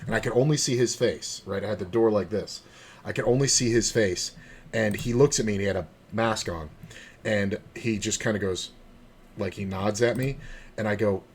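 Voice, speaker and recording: Male poker streamer, low voice, rambling and profane, faint hiss and typing behind him. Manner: swears freely, rambling, mutters to himself. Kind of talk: casual live-stream commentary and storytelling.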